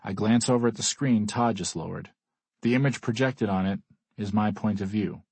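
A man narrating a first-person audiobook in a measured, even manner. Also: on the low side, husky, dry recording.

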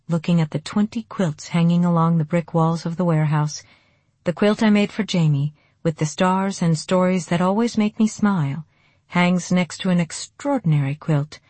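A woman giving a calm, even first-person audiobook narration. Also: fairly low pitch, no room sound.

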